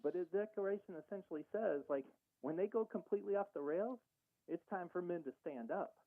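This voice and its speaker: A man calls in to a talk radio show, and his slightly high voice comes through a thin, phone-like line. He argues his point earnestly and acts out the conversations he has had. The sound is dry and boxy. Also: brisk, no room sound. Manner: earnest, argumentative, retells conversations. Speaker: caller.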